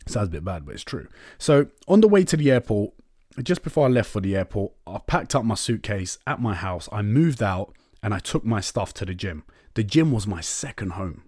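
A man's voice: on the low side, big pitch swings, moderate pace, a little mellow, husky, dry recording, clean studio sound. Candid young man. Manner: candid and chatty, swears and says "innit, man". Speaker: podcast host. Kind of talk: casual storytelling monologue.

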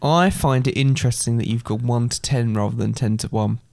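A man's voice: medium pitch, brisk, vocal fry, darkish tone. A man in a casual chat, making dry, teasing jokes at his co-host.

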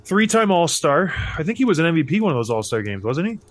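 A man's voice: on the high side, big pitch swings, fast, a little hiss or hum. A man in his thirties telling a hockey story in casual chat, acting out the voices of the people he quotes. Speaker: podcast host, former hockey player.

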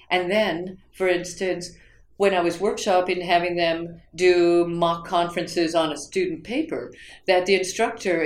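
A woman from the United States, interviewed about her teaching, rambling along with fillers and restarts. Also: fairly low pitch. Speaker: interviewee, writing instructor. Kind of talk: reflective interview storytelling. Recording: roomy echo.

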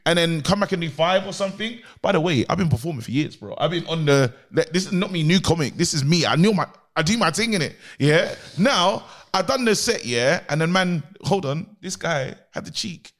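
A man's voice: a little high, expressive, a little fast, few pauses, fairly bright tone. A man, a podcast host telling a story in casual, slangy chat.

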